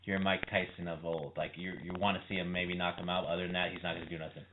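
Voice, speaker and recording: A deep-voiced man talking fast as a podcast co-host in casual sports chat. He keeps chiming in and trailing off, heard over a thin, phone-like line. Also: level tone. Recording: tinny phone-like line with faint noise.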